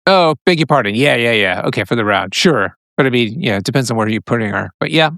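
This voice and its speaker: A man's voice: mid-range voice, expressive, quick pace, vocal fry, a bit bright, no echo, clean studio sound. A man co-hosting a podcast, chatting casually about a tabletop game, laughing often and trailing off mid-thought. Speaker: podcast co-host.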